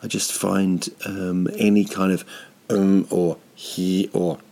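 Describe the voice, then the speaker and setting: A man's voice: sits low, little pitch movement, slow pace, gravelly, dark tone. A man hosting a comedy podcast, rambling through a self-deprecating monologue with lots of fillers and restarts.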